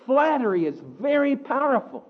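A man preaching a sermon, animated, acting out the quotes he tells. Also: very high voice, normal speed, narrow, tinny audio. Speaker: pastor.

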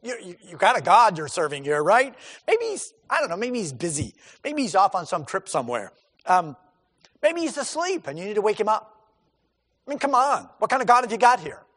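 A man's voice: sits high, sing-song, moderate pace, a bit bright, exaggerated voice. A man voicing a bold, defiant male prophet who speaks bluntly and mocks his opponents, quoted inside a sermon. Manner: blunt, mocking, emphatic. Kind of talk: acted quotation within a sermon. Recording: long hall reverb.

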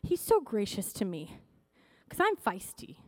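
A woman pastor preaching a sermon in a conversational, excitable way that rises to shouting. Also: mid-range voice, a little slow, no echo, studio quality.

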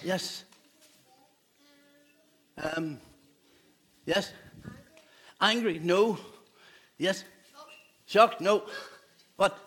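A man's voice: high-pitched, very slow, long pauses, fairly bright tone. A man, a pastor giving a playful children's talk in a church service, asking the children questions. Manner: playful, asks children questions, laughs often.

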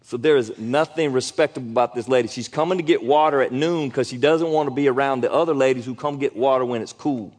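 A middle-aged man, a pastor preaching a sermon in a casual, animated way, acting out quotes in sudden loud high bursts. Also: quick pace, hardly any pauses.

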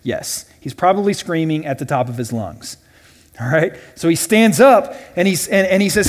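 A man teaching a Bible study class in a casual way, often checking in with "right?" and voicing quoted lines loudly and dramatically. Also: high voice, lively intonation, moderate pace. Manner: conversational, with frequent "right?" and "all right?" check-ins. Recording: long reverb from a large hall.

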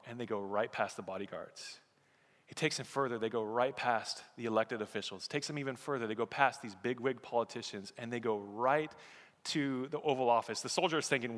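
A man's voice: medium pitch, a bit bright. A man preaching a sermon as pastor, telling stories and building to emphatic peaks. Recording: echoey hall.

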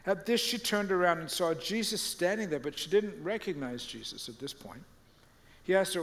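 A man preaching a sermon and retelling stories with lively quoted voices. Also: on the high side, brisk, long reverb tail. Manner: animated storytelling, acting out quoted voices. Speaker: pastor.

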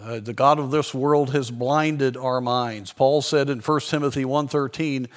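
A man preaching a sermon, telling a story in an earnest way and slowing down for emphasis. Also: mid-range voice, fairly even intonation.

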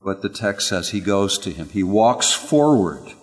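Low-voiced preacher in a reverberant hall. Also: male voice, animated, measured pace. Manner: dramatic swings from loud exclamations to hushed low passages. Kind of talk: sermon.

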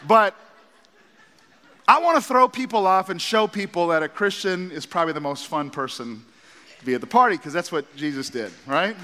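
A middle-aged man, a pastor, preaching a sermon and telling stories with animated asides in a church auditorium. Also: high-pitched, moderate pace. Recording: long hall reverb.

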